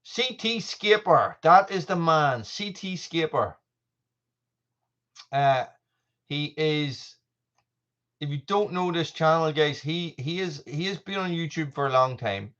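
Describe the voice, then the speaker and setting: A man's voice: a little high, a little slow, fairly bright tone, dull audio. An Irish man hosting a live stream, chatting casually while reading viewer comments, often restarting his sentences. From Ireland. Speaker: channel host.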